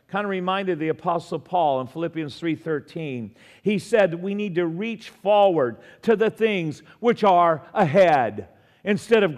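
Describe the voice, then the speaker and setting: A middle-aged man preaching a sermon as pastor, earnest and calling out to the congregation. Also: high-pitched. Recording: long reverb of a hall.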